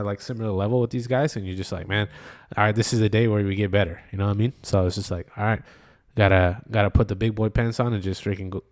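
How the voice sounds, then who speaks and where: A man co-hosting a podcast in casual chat, rambling and laid-back, with many fillers. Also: lowish voice. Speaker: podcast co-host.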